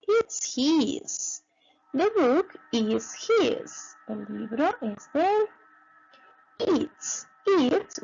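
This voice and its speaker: A woman teaching English in a slow, patient classroom voice, repeating each word and giving the alongside it. Her voice sits fairly high and swings lively up and down, with a gravelly fry at the ends of phrases. The recording sounds dull and lo-fi. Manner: repeats each word slowly, switching between English and Spanish. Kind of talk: slow bilingual classroom lesson.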